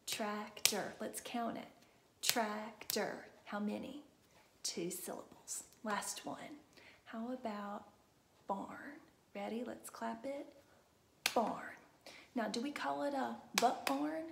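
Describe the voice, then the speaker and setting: A woman teaching a kindergarten lesson, talking slowly and encouragingly with many soft, whispered asides. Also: fairly high pitch, creaky. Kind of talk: children's lesson video. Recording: echoey room with faint noise.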